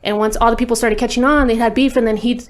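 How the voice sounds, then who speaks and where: A woman's voice: a little high, fairly even intonation, quick pace. A woman guest on an interview show, telling a personal story candidly and bluntly, swearing freely and saying "like" often. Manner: blunt, profane, heavy use of "like". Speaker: guest recording artist.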